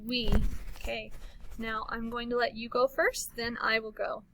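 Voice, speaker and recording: A woman teacher leading a slow read-along lesson for young children, modeling each sentence clearly and turning lively on exclamations. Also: a little high, heavy background noise.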